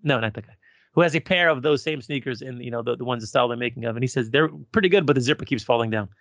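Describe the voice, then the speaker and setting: Middle-aged guy rambling thru his podcast bit, lots of ums, gravelly and dry. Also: mid-range voice, very fast, a bit bright, no room sound. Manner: rambling with fillers and repeated starts. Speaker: podcast co-host. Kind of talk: casual fan podcast chat.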